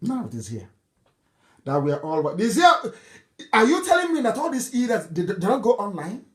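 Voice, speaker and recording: A man's voice: high-pitched, wildly swooping pitch, moderate pace. Fiery, mocking Nigerian man. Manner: fiery, mocking, scornful, laughs often. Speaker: political broadcaster. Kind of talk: impassioned live broadcast speech.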